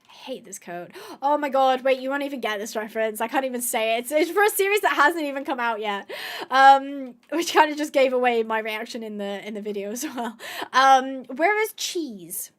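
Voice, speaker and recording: A woman hosting a gameplay video, chatting casually to viewers, thinking aloud with excited gasps and asides. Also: high voice, normal speed. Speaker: gaming video host.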